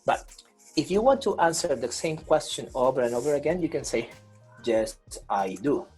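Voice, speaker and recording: A man's voice: a little high, lively intonation, brisk, darkish tone, slightly rough, soft background music, rough recording. A man teaching an online English grammar class over a video call, patient, repeating and rephrasing with many fillers.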